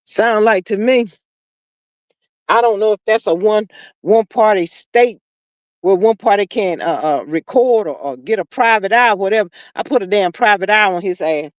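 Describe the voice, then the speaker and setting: A woman's voice: medium pitch, normal speed, no room sound, lo-fi sound. Theatrical woman gossiping on a livestream. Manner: theatrical, acts out scenes in first person. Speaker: livestream host reading chat. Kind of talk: casual gossip commentary.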